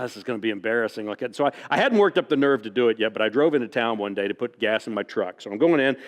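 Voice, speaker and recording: A man from the United States telling folksy stories to an audience, with frequent "like that" asides. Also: medium pitch. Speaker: author speaking to an audience. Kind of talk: storytelling talk. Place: library event hall. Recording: long reverb from a hall.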